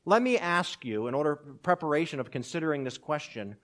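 Middle-aged guy preaching, kinda high voice, gets big and loud on the scripture questions. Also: expressive, a little fast. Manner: dramatic preaching, rising loud on quoted questions. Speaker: pastor. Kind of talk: sermon.

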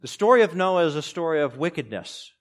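A man preaching a sermon, swinging between loud, raised passages and quiet, low asides. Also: expressive, brisk. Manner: preaching with strong rises and drops in pitch and loudness. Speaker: pastor.

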